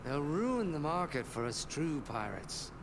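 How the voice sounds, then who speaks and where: A man's voice: a little high, sing-song, unhurried, background noise. An actor voicing a swaggering, roguish male pirate captain in a video game, sly and theatrical. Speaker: game character.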